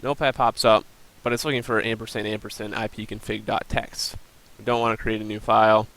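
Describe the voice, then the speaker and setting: A young student presenter gives a recorded class presentation in a lowish, fairly bright voice, speaking flatly and fairly quickly. He plainly explains and walks through a screen demo, with an occasional um and uh. The audio is poor.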